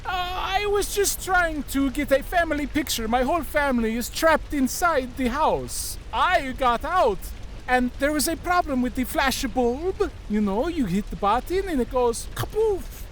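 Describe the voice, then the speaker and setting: Comic bit: a performer playing a panicky old-fashioned man, high and slow, swinging pitch. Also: animated, slight background noise. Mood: frantic. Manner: panicked, shouting, goofy. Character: frantic old-timey man whose house burns.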